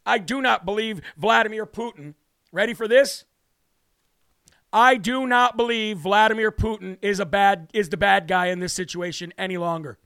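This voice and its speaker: A man's voice: sits high, normal speed, fairly bright tone, clean tone, no echo, studio quality. A man hosting a political talk show, delivering a brash, combative monologue, openly worked up and hammering his points with repeated declarations. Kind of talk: heated political commentary monologue.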